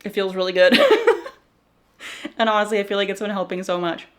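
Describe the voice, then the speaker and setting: A woman's voice: medium pitch, little pitch movement, fairly quick, clean tone. Young female vlogger, chatty and rambling, slightly winded. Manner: chatty, rambling, laughs easily. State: out of breath after exercise. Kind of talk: chatty vlog talk.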